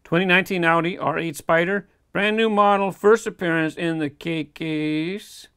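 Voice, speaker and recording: A man with a fairly high, gravelly voice talks casually through an unboxing, easygoing and chatty. His voice sounds close and dry, with no room around it. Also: steady tone, normal speed, a bit bright, no room sound. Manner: chatty, easygoing, chuckles between remarks. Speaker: toy car collector host.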